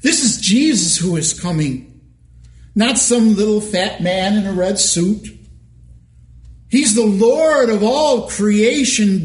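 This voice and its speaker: A male pastor preaching a sermon in a church, measured and emphatic, asking rhetorical questions. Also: high voice, animated, roomy sound.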